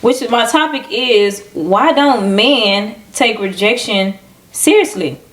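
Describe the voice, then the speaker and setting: A woman co-hosting a podcast, telling stories in a lively casual way and acting out what people said. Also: fairly high pitch, slow. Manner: animated storytelling, acting out quoted people. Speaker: podcast co-host. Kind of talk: casual chat.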